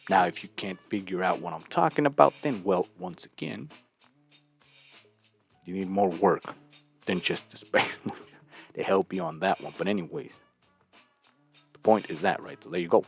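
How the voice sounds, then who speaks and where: A man's voice: low-pitched, big pitch swings, moderate pace, vocal fry, pauses often, husky, faint music behind. A man hosting his channel and giving blunt, crude reaction commentary on clips, often tossing in a rhetorical "right?".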